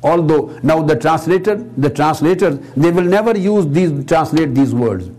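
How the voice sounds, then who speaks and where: Husky-voiced man giving an earnest lecture. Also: fairly high pitch, animated, moderate pace, a little mellow. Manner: explanatory, repeats words for emphasis. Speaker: Islamic scholar and speaker. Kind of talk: religious lecture. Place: Islamic center hall.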